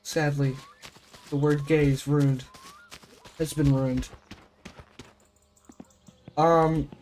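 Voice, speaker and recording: A man's voice: fairly high pitch, flat delivery, extremely slow, a little mellow, slight background noise. A young American man chatting casually on a game live stream, rambling and sounding out foreign words as he plays. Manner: rambling, self-questioning, trying out German words.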